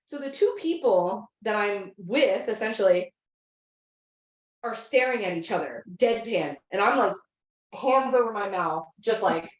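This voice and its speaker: A woman's voice: medium pitch, big pitch swings, unhurried. Rambling thirties woman in an echoey room. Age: 30s. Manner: rambling, full of "like" fillers. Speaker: podcast co-host. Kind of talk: casual storytelling.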